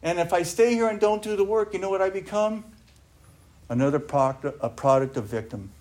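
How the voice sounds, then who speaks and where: A man's voice: on the high side, darkish tone. A man giving an earnest recovery talk, speaking emphatically and often asking his listeners rhetorical questions.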